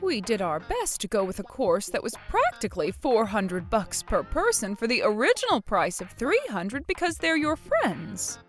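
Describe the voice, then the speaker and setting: A man voicing a gentle, proud middle-aged mother who runs a pub with her family, over faint music. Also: sits high, wildly swooping pitch, moderate pace, few pauses, exaggerated voice.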